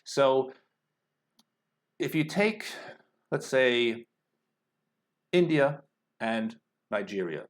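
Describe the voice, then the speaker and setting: A man teaching an exam-prep lesson, speaking slowly and deliberately, thinking aloud with frequent fillers and restarts. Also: medium pitch, animated. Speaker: IELTS teacher. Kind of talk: explanatory lesson talk.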